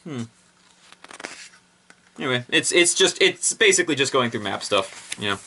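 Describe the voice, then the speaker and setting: A young man talks through a review with no script, excitable and rambling, trailing into fillers and correcting himself mid-sentence. His voice is bright and forceful, sitting at an ordinary pitch for a man. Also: moderate pace, slight background noise. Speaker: product reviewer. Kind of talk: casual unscripted review.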